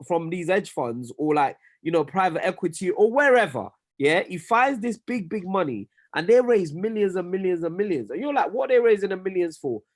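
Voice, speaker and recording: Guy with a bit of a nigerian lilt in his london accent, thoughtful, slightly high voice. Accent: Nigerian-tinged London. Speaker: podcast co-host, business owner. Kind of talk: casual group chat.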